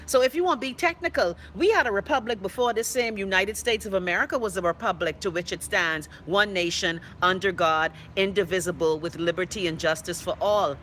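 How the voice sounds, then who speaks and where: A woman's voice: mid-range voice, a little fast, few pauses, a bit bright, a little hiss or hum. A Bahamian woman hosting a live online show, chatting casually and outspokenly as she reads viewer comments aloud. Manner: chatty and outspoken, with playful dialect asides. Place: indoors.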